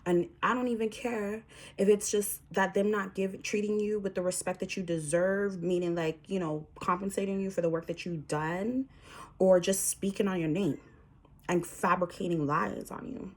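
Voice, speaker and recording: A woman's voice: mid-range voice, fairly even intonation, normal speed. A woman delivering a spiritual message to her viewers, reassuring and emphatic, sometimes dropping to a whisper. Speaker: spiritual reader.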